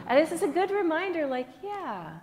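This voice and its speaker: A woman's voice: very high voice, sing-song, moderate pace, darkish tone, in a large hall. A woman yoga teacher talking to her class in a chatty, rambling way, telling stories with sound effects. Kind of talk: informal class talk and storytelling. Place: yoga studio.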